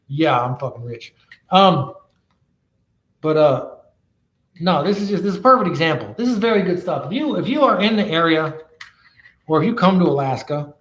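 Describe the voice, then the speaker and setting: A man with a higher, fairly bright voice reviews cannabis products, ranting bluntly and swearing constantly in casual talk. The room sounds echoey.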